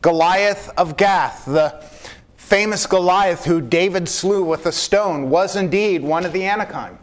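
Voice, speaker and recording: A man preaching a sermon in a measured way, slowing for emphasis and calling his listeners beloved. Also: high-pitched. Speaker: pastor.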